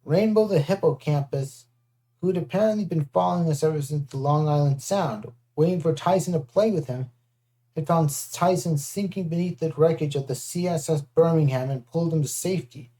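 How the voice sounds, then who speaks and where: A first-person audiobook reading, lively and shifting into character voices. The timbre sits dark and mellow at a middle pitch. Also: moderate pace. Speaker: audiobook narrator.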